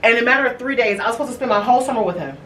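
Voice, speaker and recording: A woman in her thirties hosting a podcast, telling a personal family story in a candid, halting way with many fillers and restarts. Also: on the high side, expressive, a bit bright, far from the mic. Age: 30s. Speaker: podcast host. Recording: echoey room, voice from off-mic, faint hiss.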